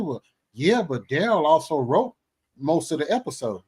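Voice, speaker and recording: A middle-aged man hosting a casual talk show, animated, exclaiming and joking as he talks. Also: fairly high pitch, moderate pace, husky. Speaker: show host. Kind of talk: casual chat.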